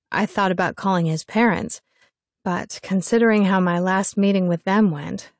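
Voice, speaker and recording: A young woman narrating a first-person story in an expressive, wry reading style. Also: mid-range voice, dry recording. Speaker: audiobook narrator.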